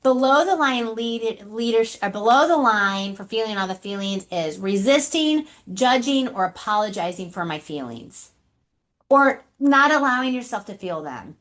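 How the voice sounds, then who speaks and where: Woman webinar presenter, slightly high voice, animated, keeps asking the audience questions. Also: normal speed. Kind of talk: leadership webinar talk.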